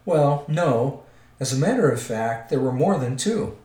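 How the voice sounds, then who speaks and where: A man's voice: medium pitch, animated, a little slow, a little mellow, lightly acted. A man voicing a polite, crafty old male wizard, coaxing and careful, in a roomy recording. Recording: roomy echo.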